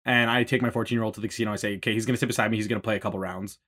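A man co-hosting a casual podcast chat, animated, acting out other people's lines as he argues. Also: lowish voice, very fast. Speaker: podcast co-host.

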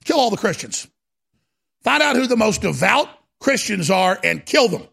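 A man's voice: high voice, big pitch swings, normal speed, gravelly, a bit bright, breathy edge, full character voice. A man impersonating a raving, bloodthirsty male tyrant who screams orders. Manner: screaming, frenzied.

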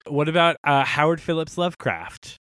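A man's voice: a little high, expressive, normal speed, a bit bright, slight background noise. A man hosting a podcast in casual chat, quizzing his co-hosts and laughing often. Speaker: podcast host.

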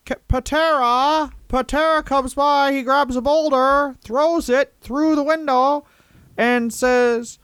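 A man doing a squeaky boastful wrestler impression. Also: steady tone, a bit bright, dry recording, full character voice. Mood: mocking. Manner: high, slowed, mocking.

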